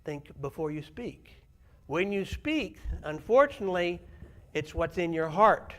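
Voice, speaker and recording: A man preaching a sermon to a church congregation, conversational and often asking the listeners questions. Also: medium pitch. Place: church sanctuary.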